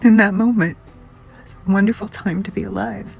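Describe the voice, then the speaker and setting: A woman's voice: medium pitch, steady tone, fairly quick, creaky, soft background music, poor audio. A woman talking emotionally to camera, sometimes dropping to a whisper. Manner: emotional, breathless, drops to whispers. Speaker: social media creator. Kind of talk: emotional casual talk to camera.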